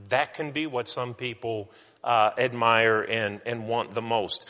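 A man's voice: mid-range voice, pushed and bright. A middle-aged male pastor giving a sermon in a conversational, storytelling way with self-mocking humor. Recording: reverberant hall.

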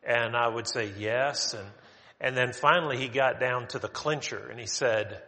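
A man's voice: mid-range voice, moderate pace, bright, forceful tone, long reverb tail. A man preaching a sermon to his congregation, conversational and emphatic, rising on his questions.

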